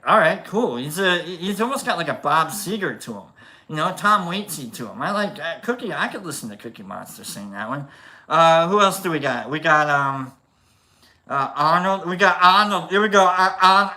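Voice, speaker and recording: A man's voice: a little high, expressive, moderate pace, bright, forceful tone. A man chatting casually in a rambling, joking, self-deprecating way while he works on a craft. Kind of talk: casual chat.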